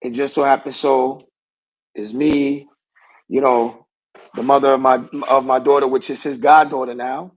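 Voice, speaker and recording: A man's voice: mid-range voice, level tone, moderate pace, poor audio. A young man, a pro wrestler guest, telling a rambling story in casual talk and circling back with the same stock phrase.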